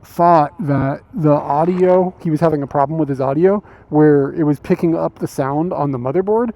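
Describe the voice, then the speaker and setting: A man's voice: on the high side, normal speed, no echo, lo-fi sound. A man streaming live outdoors on a city street, telling a story in a laid-back, chatty way and laughing often. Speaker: IRL streamer. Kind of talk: casual storytelling on a walk.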